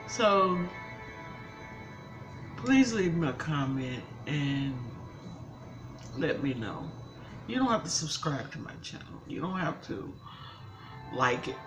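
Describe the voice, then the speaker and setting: A woman's voice: on the low side, a little slow, pauses often, over music, rough recording. An older woman and grandmother, talking casually to her viewers in a vlog, upset and pleading for advice. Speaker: mukbang vlogger.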